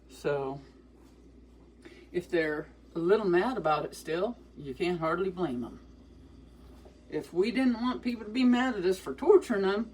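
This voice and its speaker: A woman's voice: fairly low pitch, mellow, a little hiss or hum, low-quality recording. An older woman vlogging from her home kitchen while she cooks. She rambles candidly and swears a lot. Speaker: cooking vlogger. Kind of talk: casual rambling monologue while cooking. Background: sizzling frying pan.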